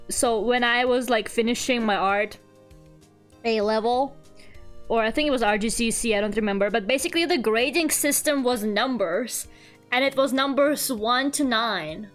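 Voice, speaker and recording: A young English woman with a slightly high, fairly bright voice chats casually while drawing on her art stream. She's animated, laughs a lot and swears from time to time.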